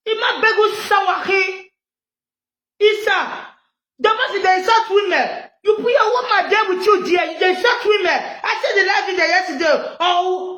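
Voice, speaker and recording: Nigerian woman vlogger, loud mocking gossip rant, very high bright voice, echoey room. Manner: loud, mocking, frequently shouting and laughing. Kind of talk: animated gossip rant in pidgin.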